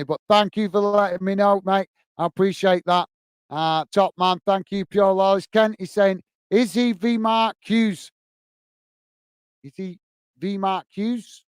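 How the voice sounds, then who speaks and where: A man's voice: high voice, clear, resonant tone, no echo. A man hosting a football fan livestream, casually reading out viewer comments in a friendly, chatty way, full of "uh" and "mate". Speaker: football channel host.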